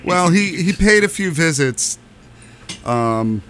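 A man's voice: on the high side, expressive, slow pace, fairly bright tone, slight background noise. A man who has long played in a band, chatting casually and telling playful stories. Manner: playful storyteller, jokes around. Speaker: longtime band member. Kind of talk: casual chat.

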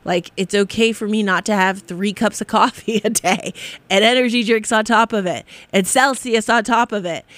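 A woman's voice: mid-range voice, a bit bright, no room sound. A woman hosting a casual spiritual talk, rambling and encouraging, often breaking into laughter. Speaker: spiritual podcast host.

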